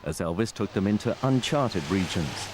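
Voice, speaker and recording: A man's voice: sits low, expressive, moderate pace, noisy background. British man narrating a documentary.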